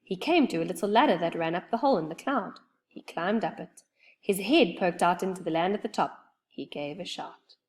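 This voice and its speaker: A woman reading a children's storybook aloud with expressive, lively storytelling. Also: lowish voice, normal speed.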